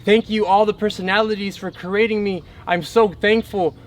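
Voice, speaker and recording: A man's voice: sits high, steady tone, moderate pace, lightly acted. A man voicing a young female goddess who gushes with thanks and wants to please. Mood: gushing. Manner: effusive, thankful, eager to please.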